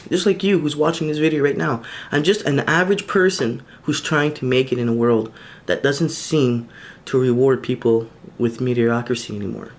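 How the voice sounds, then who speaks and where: A man recording a video diary straight to camera, talking in an earnest, pleading way, full of restarts and fillers. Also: medium pitch. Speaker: vlogger.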